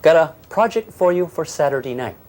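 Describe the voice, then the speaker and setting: Older man, physics teacher, animated swooping voice, quizzing the class, classroom lecture. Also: fairly high pitch, fairly quick, a little hiss or hum. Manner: lively, teasing, asks the class questions.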